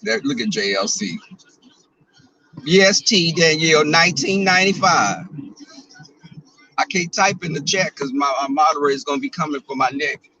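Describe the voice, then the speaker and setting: A man's voice: a little high, animated, moderate pace, long pauses, bright, forceful tone, a little hiss or hum, rough recording. A man in his twenties with a Southern US accent, chatting sassily and joking with his live viewers while he drives. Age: 20s. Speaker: vlogger streaming live. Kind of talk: casual chat. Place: car, driving.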